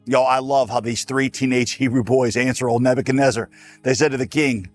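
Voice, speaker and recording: Animated man preaching with folksy emphasis. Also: mid-range voice, fairly quick, soft background music. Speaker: pastor. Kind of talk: sermon.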